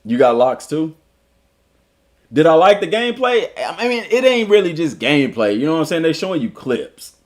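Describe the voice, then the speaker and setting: In a fairly high voice at a moderate pace, a Southern US man reads an article during his livestream. He is a school football coach and streamer, animated and joking, chatting with his viewers in casual commentary between passages.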